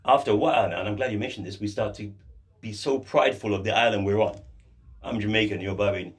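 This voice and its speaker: On a radio talk show, a guest lecturer on African history walks listeners through concepts with examples in a teacherly, patient way. His voice is lowish and quick, and he's a little far from the studio microphone.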